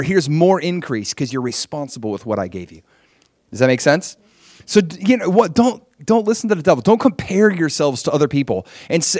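A middle-aged man preaching a sermon in a conversational, animated way, acting out the voices he quotes. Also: a little high, no echo, studio quality.

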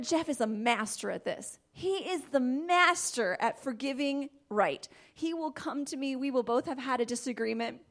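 A woman giving a faith-based talk on marriage, animated, laughing often and dropping into soft asides. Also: high voice, a little slow, gravelly. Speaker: Christian marriage teacher.

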